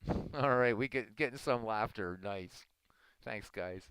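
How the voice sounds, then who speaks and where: A man hosting a livestream, chatting casually with viewers in a relaxed, rambling way. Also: fairly low pitch, a little slow, smooth, no echo, poor audio. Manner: relaxed, rambling, chuckling asides. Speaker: livestream host.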